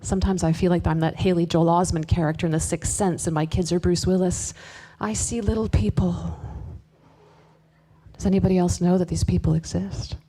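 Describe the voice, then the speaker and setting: A woman performing a live spoken word piece, confessional and wry, moving between hushed asides and emphatic bursts with sharp swearing. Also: lowish voice, level tone, quick pace, hardly any pauses. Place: live event space with audience.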